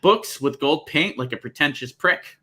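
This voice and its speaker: Male stream host, bright voice, teasing banter. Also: a little high, animated, normal speed. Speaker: show host. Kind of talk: casual livestream chat.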